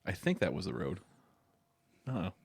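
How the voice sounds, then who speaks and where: Man, low voice, dry sound, halting and laughing storyteller. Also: sing-song, creaky, husky, no echo. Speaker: podcast guest. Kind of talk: casual chat.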